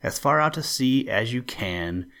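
A man playing a loud, bouncy Gryphon. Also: medium pitch, expressive, measured pace, vocal fry, heavily acted. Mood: shouting. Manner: loud, exclamatory.

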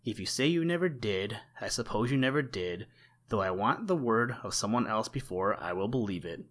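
A tiny, cheeky meadow mouse, as a male storyteller puts him on, squeaky and pert. He pipes up higher and pushier than the reader's usual low voice, persistent and a little know-it-all, straight out of an old animal storybook. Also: lively intonation, moderate pace, fairly bright tone.

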